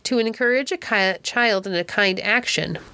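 A woman reading the part of a principled father who speaks in a measured, serious way. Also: medium pitch, pushed and bright, dry recording.

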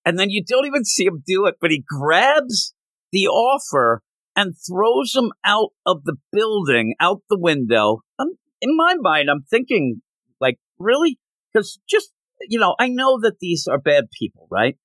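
Animated man chatting about comics. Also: sits high, measured pace, no echo. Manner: animated, acts out characters' lines in silly voices. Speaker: comic book podcast host. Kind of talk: casual chat.

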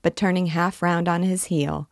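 A woman reading a classic novel aloud, narrating in a measured, steady way. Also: on the low side, no room sound, studio quality. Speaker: book reader, guide.

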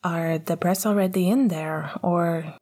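A woman doing a quiet young hockey rookie. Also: lowish voice, steady tone, a little slow. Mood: subdued. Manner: soft, subdued, hesitant.

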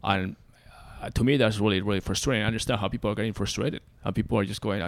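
A man's voice: lowish voice, very fast, gravelly, dry recording. A man in casual conversation who rants at length, rambling and swearing freely as he vents. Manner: ranting, rambling, profane. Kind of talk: casual podcast chat.

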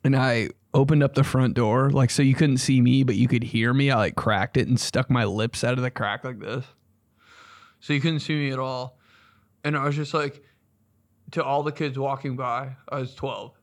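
A man's voice: medium pitch, steady tone, normal speed, vocal fry, dry recording, clean studio sound. A man hosting a comedy podcast, telling stories in a rambling, profane way and acting out the people he quotes. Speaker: podcast host and stand-up comedian. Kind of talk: casual comedic storytelling.

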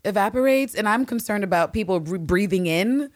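A woman's voice: medium pitch, brisk, no room sound, studio quality. A woman co-hosting a podcast, chatting casually and jokily about a TV episode, swearing and laughing freely. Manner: animated and jokey, swears freely, laughs often. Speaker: podcast co-host. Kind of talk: casual chat recapping a TV episode.

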